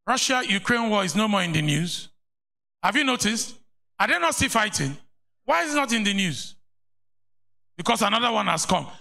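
A man with a Nigerian accent, a pastor preaching a sermon in a church, animated and mocking at times. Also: high-pitched. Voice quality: gravelly.

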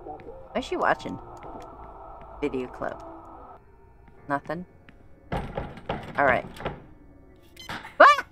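A woman streamer thinking aloud while playing a game, chatty and given to quick exclamations. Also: deep voice, huge pitch swings, over music. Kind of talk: casual gameplay commentary.

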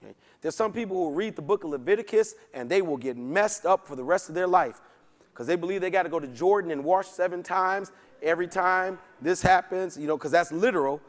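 A man leads a Bible study as pastor, his slightly high voice carrying into a long, ringing church reverb. He teaches in a relaxed, folksy style and often checks in with his listeners. His casual slang keeps the teaching conversational. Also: a little fast. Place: church sanctuary.

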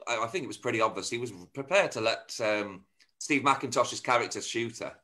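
A man's voice: medium pitch, a little fast, pushed and bright. A man hosting a casual interview, engaged and asking probing questions. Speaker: interviewer host.

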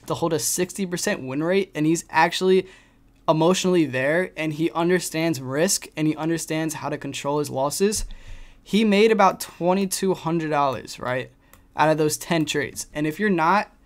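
A young man explaining trading risk in a casual screen-share lesson, tossing in "right?" and "you know" a lot. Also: a little high. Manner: talks fast with frequent "right?" and "you know" fillers. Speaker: trading educator.

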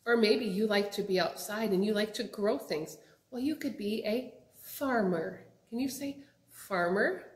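A young woman teaching children job words, asking them to repeat each word in a slow, sing-song way. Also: mid-range voice. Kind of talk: children's vocabulary lesson. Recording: echoey room.

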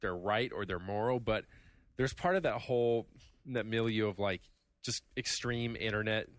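A man's voice: on the low side, normal speed, dry recording. A man on a gaming podcast panel, chatting casually and making wry jokes.

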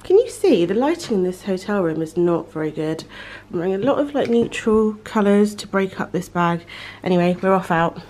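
A woman's voice: mid-range voice, lively intonation, brisk, a little mellow. A woman talking chattily and bubbly to a handheld vlog camera while walking a city, laughing often. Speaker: travel vlogger. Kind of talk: casual travel vlog. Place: walking outdoors in busy city streets. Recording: street noise behind the voice.

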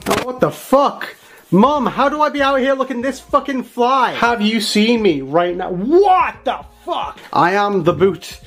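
Young man, casual selfie video, excited, profane, lively pitch. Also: measured pace, soft background music.

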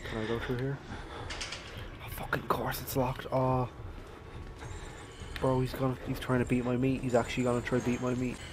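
A man doing let's play commentary on a horror game, excitable and swearing, yelping when startled. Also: medium pitch, normal speed, pauses often, background noise. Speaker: gaming YouTuber. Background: game music.

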